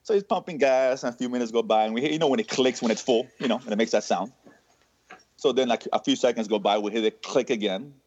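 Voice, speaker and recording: A man on a podcast telling a funny story in casual chat, animated and saying "dude" all the time. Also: medium pitch, fast. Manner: animated, says "dude" constantly. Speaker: podcast co-host. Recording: slightly muffled dry sound.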